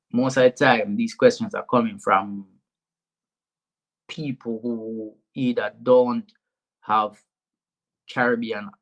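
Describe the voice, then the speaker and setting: A young man with a Jamaican accent, a comedian guest speaking frankly and animatedly in a casual interview, often repeating words. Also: fairly low pitch.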